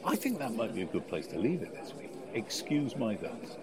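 Low-voiced man, effusive podcast co-host. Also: huge pitch swings. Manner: effusive, quick to praise. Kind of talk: casual chat.

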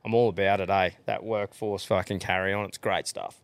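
A man's voice: low voice, fairly even intonation, a little fast, vocal fry, dry recording. A man with an Australian accent hosting a podcast in laid-back, swearing banter. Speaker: podcast host. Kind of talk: casual chat.

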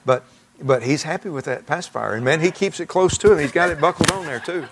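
A man's voice: on the high side, fast, background noise. An older man, a pastor, preaching a storytelling sermon in a church in a conversational way, with chuckling asides to the congregation. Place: church sanctuary.

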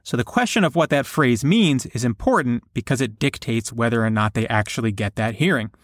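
A man co-hosting a podcast, explaining a court ruling in steady casual talk. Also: mid-range voice, a little fast, dry recording, studio quality. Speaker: podcast co-host.

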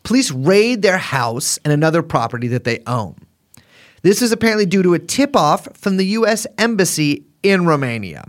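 A man's voice: a little high, sing-song, normal speed. A man co-hosting a podcast in casual, joking chat, rambling with restarts and swearing. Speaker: podcast co-host.

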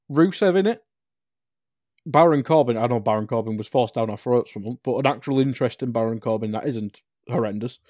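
A man's voice: mid-range voice, a little mellow, no room sound. A man from the UK co-hosting a podcast, chatting casually about wrestling, swearing now and then and laughing easily. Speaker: podcast co-host.

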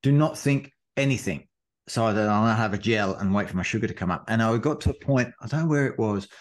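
A man on a podcast, chatting casually and telling an animated race story full of acted-out quotes. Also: on the low side, fairly quick. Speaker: podcast co-host, marathon runner. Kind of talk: casual chat recounting a race.

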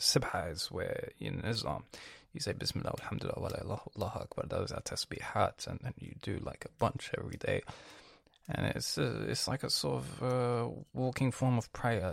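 Young London man for a podcast rant: gravelly voice, dry close sound, slangy and sweary, acts out family members. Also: lowish voice, no room sound. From England. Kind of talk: casual ranting monologue.

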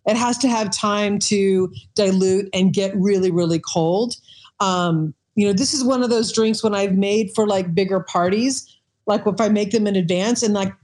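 A woman's voice: mid-range voice, a little mellow. A woman, a former bartender, chatting on a podcast and telling stories with many fillers and restarts. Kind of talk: casual podcast chat.

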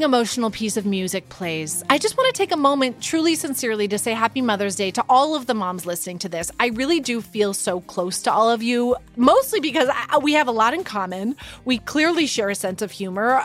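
A woman in her thirties hosting a podcast, chatting casually with playful, self-mocking humor. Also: on the high side. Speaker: podcast host. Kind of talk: casual chat.

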